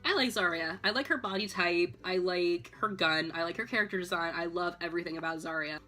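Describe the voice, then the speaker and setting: A slightly tipsy woman chatting casually, rambling with lots of "like" and "um" and breaking into loud excited squeals. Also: fairly low pitch, brisk, soft background music. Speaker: vlogger. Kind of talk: casual tipsy chat about a video game.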